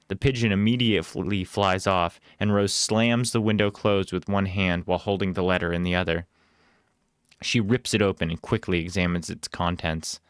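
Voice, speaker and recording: A man reading a storybook aloud in a plain, unhurried way with small casual asides. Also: deep voice, smooth, no echo, clean studio sound.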